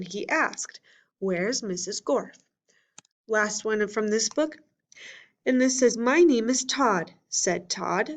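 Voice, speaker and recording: A woman's voice: mid-range voice, fairly bright tone. A woman teacher giving a recorded lesson for children, explaining patiently step by step and reading lines from books aloud with expression.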